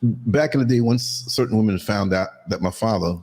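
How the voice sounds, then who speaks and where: A man in a casual livestream chat, relaxed and joking, laughing often. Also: moderate pace. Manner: relaxed, laughs a lot, lively swings of pitch.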